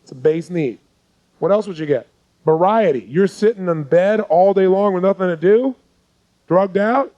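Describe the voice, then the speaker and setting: An intense male seminar coach with a voice pitched a little above the usual. He drives his points home by peppering the crowd with quick rhetorical questions, teaching live in a forceful, persuasive way. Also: lo-fi sound.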